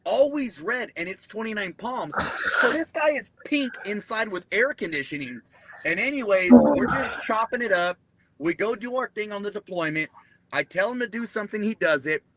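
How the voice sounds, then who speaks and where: A man's voice: high-pitched, moderate pace, crowd noise. A man, a military veteran, casually telling a profane war story and acting out the people in it. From United States. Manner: profane, animated, acts out quoted voices. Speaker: podcast guest, Marine veteran.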